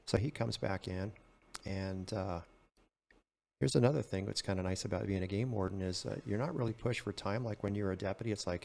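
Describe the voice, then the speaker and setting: A man's voice: lowish voice, fairly even intonation, fairly quick, creaky, darkish tone. An older retired man telling stories in a casual way and acting out both sides of the dialogue. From California. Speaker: retired game warden, podcast guest. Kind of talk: casual storytelling.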